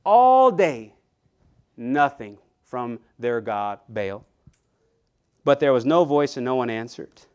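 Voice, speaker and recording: Animated, clear-voiced male preacher. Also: mid-range voice, takes it slowly, long pauses. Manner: animated preaching with frequent repetitions and asides to the congregation. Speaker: pastor. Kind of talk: sermon.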